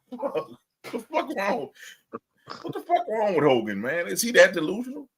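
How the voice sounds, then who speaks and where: A man's voice: high voice, wildly swooping pitch, measured pace, a bit bright, a little hiss or hum. A man co-hosting a podcast in casual chat, ranting with lots of swearing and frequent laughter. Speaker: podcast co-host.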